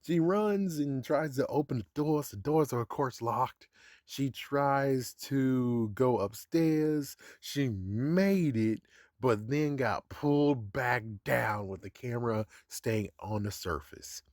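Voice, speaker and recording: A man's voice: medium pitch, slow pace, darkish tone, dry recording, clean studio sound. A man giving a casual episode recap, chuckling often and swearing in a sarcastic, offhand way. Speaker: show recap vlogger.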